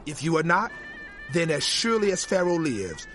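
Joseph, a stern ruler. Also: male voice, on the high side, big pitch swings, normal speed, a bit bright, faint music behind. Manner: commanding, accusatory. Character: stern powerful male ruler, harsh and testing. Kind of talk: audio drama acting.

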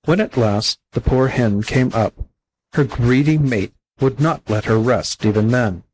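A man reading a children's fable aloud as a volunteer audiobook narrator, calm and unhurried. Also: medium pitch, a little hiss or hum, poor audio. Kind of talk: storybook narration.

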